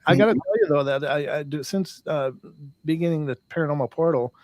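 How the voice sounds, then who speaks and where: A man's voice: fairly high pitch, a little fast, no room sound. A man co-hosting a paranormal podcast, bantering and teasing his partner and laughing often. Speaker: podcast co-host. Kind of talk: casual banter.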